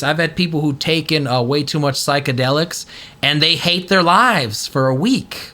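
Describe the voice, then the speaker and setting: A man hosting a casual talk podcast, animated and often breaking into loud acted-out quotes. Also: fairly high pitch, normal speed. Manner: animated, swings into loud put-on voices. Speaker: podcast host. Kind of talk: casual chat.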